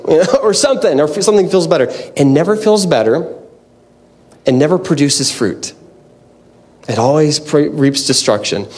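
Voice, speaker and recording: A man preaching a conversational, animated sermon with candid self-deprecating asides. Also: on the high side. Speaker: pastor.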